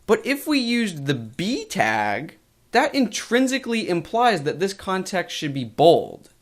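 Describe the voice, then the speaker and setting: A man teaching web development in a screencast coding lesson, explaining things in a measured way with emphasis on key points. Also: sits high, huge pitch swings.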